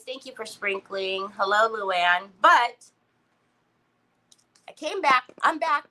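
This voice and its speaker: Woman, craft livestream host, chatty, laughs a lot, bright tone. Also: fairly high pitch, low-quality recording. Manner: chatty, greets viewers by name, laughs often. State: recovering from a headache. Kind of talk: casual livestream chat.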